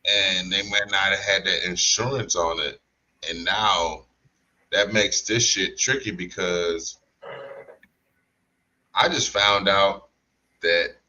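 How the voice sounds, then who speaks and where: A man talking slowly in slangy casual podcast chat, drawing out his points. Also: sits low, sharp tone, muffled recording. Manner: slow, drawn-out storytelling with slang and restarts. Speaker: podcast co-host.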